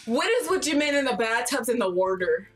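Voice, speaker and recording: Young woman reacting, super high and swoopy, shrieks and laughs and cusses, music going behind. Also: a little fast. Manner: excitable, shrieking and laughing, swears a lot. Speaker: reaction channel host. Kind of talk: casual reaction chat.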